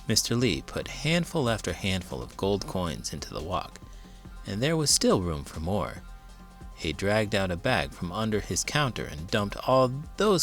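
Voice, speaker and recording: A man reading a children's picture book aloud with dramatic, expressive storytelling. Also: fairly low pitch, normal speed, over music. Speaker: teacher and children's book reader. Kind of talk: children's read-aloud narration.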